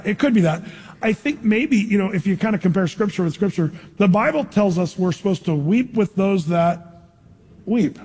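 A male pastor preaching a sermon in a conversational way, asking rhetorical questions and tossing in animated asides. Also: sits high, breathy edge. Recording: long reverb in a large hall.

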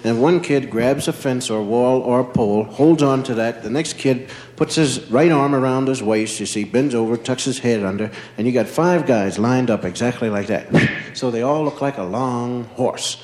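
A man's voice: mid-range voice, moderate pace, echoey room. A man from Philadelphia telling a long childhood story on stage as a stand-up comedian, acting out the characters. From Philadelphia, USA. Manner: animated storyteller, acts out characters.

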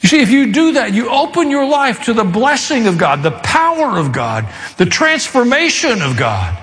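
A man preaching a sermon as pastor, with sudden rises and quiet asides. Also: very high-pitched, very animated, moderate pace. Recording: long reverb of a large hall.

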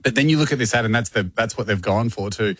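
A man's voice: lowish voice, fast talker, breathy edge, no echo. A man, co-hosting a casual podcast chat and telling stories with frequent laughter. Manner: animated storytelling, laughs often. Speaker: podcast co-host.

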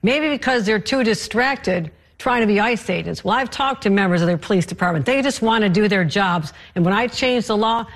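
A woman's voice: mid-range voice, fairly quick, hardly any pauses. A woman arguing as a candidate in a political debate, firm and emphatic, repeating phrases for stress. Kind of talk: debate argument.

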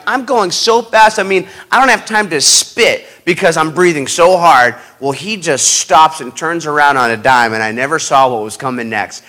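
A man recounts a personal story in the style of a motivational speaker. His voice sits a little high and has a bright, forceful edge. He tells it in an animated, dramatic way that keeps building the tension.

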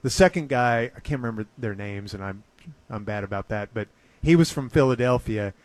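A man's voice: mid-range voice, fairly quick, a little mellow, dry recording. Man hosting a casual chat, dry sound. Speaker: radio host.

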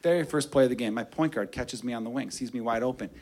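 A man's voice: mid-range voice, quick pace, a little mellow. A man telling a story in stand-up, profane and self-mocking. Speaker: stand-up comedian.

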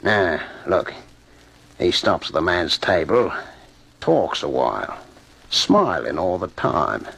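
Grigsby, a gravelly boastful thief. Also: male voice, sits low, very animated, slow pace, pauses often, fairly bright tone, heavily acted. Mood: sly. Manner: hearty, laughing, bossy and boastful. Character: boastful gravelly male master thief, middle-aged. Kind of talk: 1940s radio acting.

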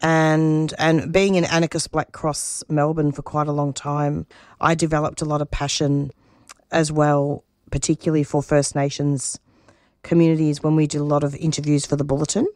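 A middle-aged woman, a radio producer appearing as an interview guest, answers personal questions in a low, slightly mellow voice at a moderate pace with a flat delivery. She is earnest, passionate, and emphatic, often restarting phrases, recorded on a dry close mic with no room sound.

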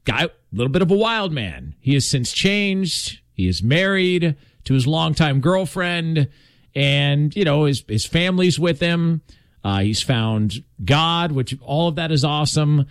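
A man's voice: a little high, lively intonation, unhurried, dry recording. A man hosting a sports talk show, talking casually with lots of fillers and asides. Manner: conversational, many fillers and asides.

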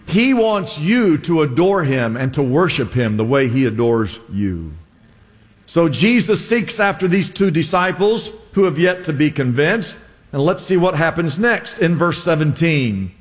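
A man's voice: a little high, lively intonation, measured pace, in a large hall. A man preaching a sermon as pastor, retelling a story with voiced quotes and jokes. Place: church.

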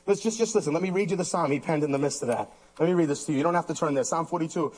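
A man preaching a sermon with passion, rising to loud high exhortation and dropping to quiet low asides. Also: very fast, husky.

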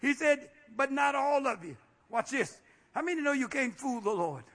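A male pastor preaching a fiery, folksy sermon, peppered with amens and rising to shouts. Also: very high-pitched, animated, normal speed. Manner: folksy, plain-spoken.

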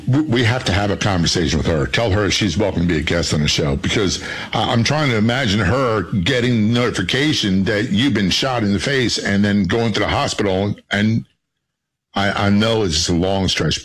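A man's voice: lowish voice, normal speed, a bit bright, low-quality recording. A male podcast host interviewing a guest, earnest and reflective, thinking aloud as he talks. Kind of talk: interview conversation.

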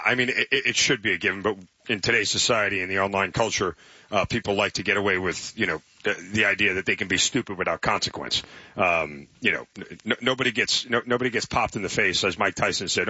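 A man's voice: on the low side, pushed and bright, breathy edge, dry recording. A man co-hosting a sports radio show in casual chat, telling stories eagerly and stumbling over his words. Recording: dull lo-fi broadcast sound.

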